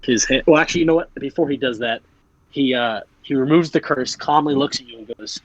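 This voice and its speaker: A man's voice: mid-range voice, fairly quick, no echo, lo-fi sound. Rambling young man running a tabletop game. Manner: rambling, many fillers and restarts. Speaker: game master. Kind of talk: casual game narration.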